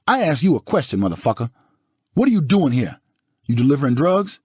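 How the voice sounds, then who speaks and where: A man's voice: medium pitch, very animated, a little fast, darkish tone, husky, no echo, clean studio sound, voice pushed up. A man playing an aggressive, foul-mouthed ex-husband, with snarling, sarcastic taunts in an audiobook. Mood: furious taunting. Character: furious divorced ex-husband, aggressive, profane.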